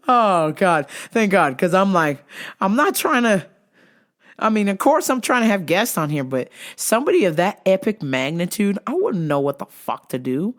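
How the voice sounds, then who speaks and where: A woman podcast host telling a profane, animated story in casual talk. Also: mid-range voice, normal speed.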